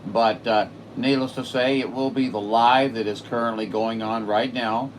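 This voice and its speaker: A man on his home radio setup, chatting excitedly on the air with a distant station. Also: mid-range voice, moderate pace, a little hiss or hum. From Saint Louis, Missouri. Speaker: radio operator streaming live. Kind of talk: casual radio chat.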